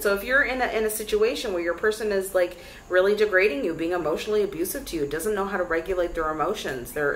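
A young woman giving a casual tarot reading to camera, chatty and lively, talking straight to her viewers. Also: fairly low pitch, a little hiss or hum, poor audio. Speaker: tarot reader.

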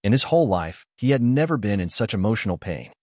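A man narrating a written story in an expressive reading style. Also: on the low side, fast, no echo, studio quality.

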